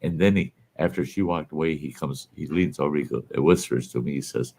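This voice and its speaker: A man's voice: a bass voice, expressive, moderate pace, vocal fry. A man hosting a casual chat, telling folksy anecdotes and laughing at his own stories. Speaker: podcast host.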